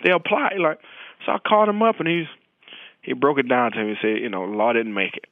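A man's voice: mid-range voice, sing-song, fairly quick, vocal fry, no room sound, phone-quality sound. A young man, a pro football player, telling a rambling anecdote as a podcast guest and leaning on "you know". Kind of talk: casual anecdote storytelling.

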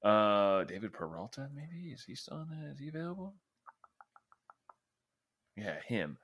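A man's voice: medium pitch, very animated, a little slow, fairly bright tone, husky. A man co-hosting a casual sports podcast, joking and rambling, often trailing off mid-thought. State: married. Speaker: podcast co-host.

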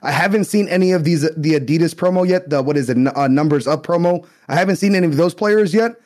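Laid-back rambling podcast co-host. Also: male voice, fairly high pitch, quick pace, darkish tone. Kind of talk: casual podcast chat.

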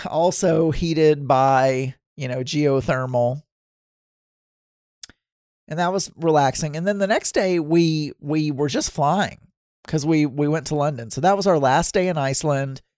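A man's voice: fairly high pitch, darkish tone, smooth, no echo, clean studio sound. Rambling middle-aged male podcast host. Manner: rambling, self-correcting, many fillers. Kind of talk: casual solo travel storytelling.

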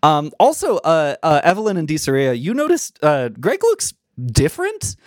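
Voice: mid-range voice, wildly swooping pitch, normal speed, a little mellow, no echo, clean studio sound. A game master narrating a tabletop game, hesitant and full of ums and uhs.

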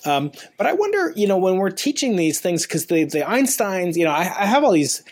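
A man's voice: sits high, sing-song, a little fast. Rambling man in his fifties hosting. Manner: rambling, many stammered restarts. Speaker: podcast host, physicist. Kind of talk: casual interview chat.

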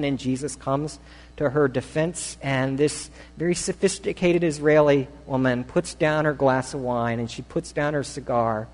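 A man's voice: on the high side, a little mellow. A male pastor preaching a sermon in a conversational, storytelling way. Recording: long hall reverb.

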